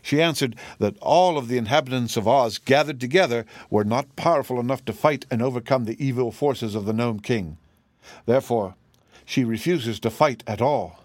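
A man narrating a storybook audiobook in a steady, plain storytelling manner. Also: mid-range voice, a little fast, few pauses, no room sound.

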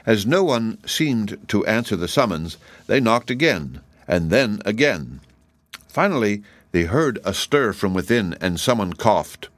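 A man reading a children's book aloud as an expressive storyteller. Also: fairly low pitch, measured pace, no room sound.

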